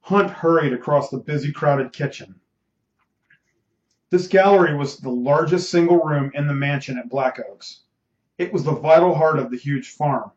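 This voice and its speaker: A man's voice: fairly high pitch, normal speed, a little mellow. Male amateur reader with casual asides, echoey room, muffled sound. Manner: stumbles and repeats words. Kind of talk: reading a novel aloud with casual asides.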